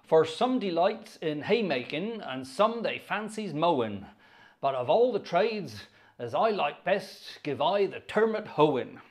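A man voicing a cheerful rustic farmhand in a put-on Wiltshire accent, reciting in a slow, sing-song drawl. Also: on the high side, sing-song. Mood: cheery drawl. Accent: put-on Wiltshire rural. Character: rustic male West Country turnip farmhand, cheerful.

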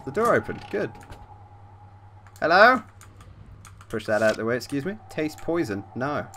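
A man's mid-range voice swings widely in pitch and moves quickly as he plays a horror game, with slight hiss or hum on the desk mic with facecam. He reads game text out loud, startles easily, and swears often.

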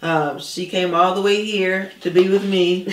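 A woman's voice: lowish voice, steady tone, unhurried, slight background noise. A woman hosting a faith-based interview show, talking casually with lots of fillers and affirmations. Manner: warm affirming, many fillers and uh's. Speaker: talk show host. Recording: roomy, distant mic.

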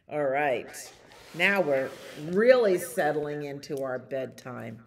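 A woman librarian reading a bedtime picture book aloud to children, gently and animatedly. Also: sits low, slow pace, creaky.

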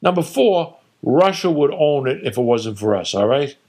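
A man's voice: mid-range voice, very animated, moderate pace, pitched above the performer's own voice. A man doing a blustering patriotic father. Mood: ranting. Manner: loud, emphatic, scornful ranting. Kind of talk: storytelling reading with character voices.

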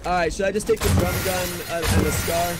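Excitable joking man gaming. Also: high-pitched, fairly quick, very noisy. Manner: joking, rambling, excitable in fights. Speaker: teammate in a game stream. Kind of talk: casual gaming chat.

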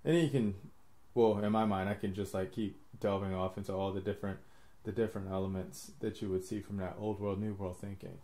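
A man's voice: lowish voice, fairly even intonation, a little fast, mellow. A man hosting a podcast, rambling through his ideas in casual chat, laughing often and swearing freely. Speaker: podcast host.

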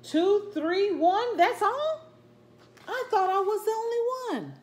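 A woman's voice: extremely high pitch, animated, slow pace, a little mellow, pitched above the performer's own voice, heavily acted. A woman reading a picture book aloud, voicing an anxious little girl about to start kindergarten. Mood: surprised. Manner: worried, then relieved, read-aloud character voice. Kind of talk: storybook read-aloud.

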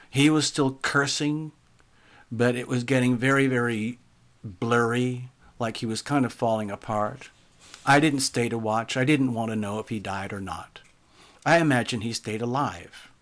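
A man narrating an eerie personal story in a calm, measured voice of middle pitch. He lets lines sink into near murmurs at their ends. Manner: calm, measured, often trailing off quiet. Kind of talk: spoken first-person story.

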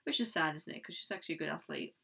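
A woman's voice: deep voice, lively intonation, rapid-fire, creaky, pushed and bright. A young woman co-hosting a wrestling podcast, chatting casually and tagging questions onto her remarks. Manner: chatty, asks questions, with tag questions. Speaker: podcast co-host. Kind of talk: casual chat.

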